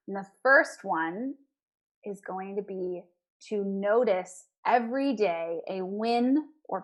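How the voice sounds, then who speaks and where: Woman dietitian chatting, fairly high voice, gets all animated and excited. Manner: lively, animated, quick bursts of enthusiasm. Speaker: dietitian guest. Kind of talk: casual interview chat.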